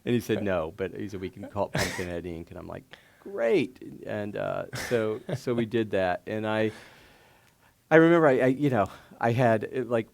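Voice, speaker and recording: A low-voiced man with a gravelly edge, telling stories onstage as a guest at a live event. He talks in an animated way, laughs often and restarts his sentences a lot. He is middle-aged. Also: normal speed. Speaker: startup founder and guest. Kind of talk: casual onstage storytelling. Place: stage before a live audience.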